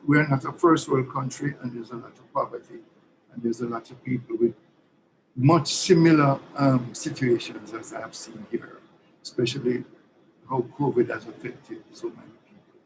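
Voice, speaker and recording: A man's voice: medium pitch, a little hiss or hum, poor audio. A man from Jamaica, a musician guest talking hesitantly with many fillers between songs. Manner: soft-spoken, hesitant speech with many fillers. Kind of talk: casual chat and singing with guitar. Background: acoustic guitar.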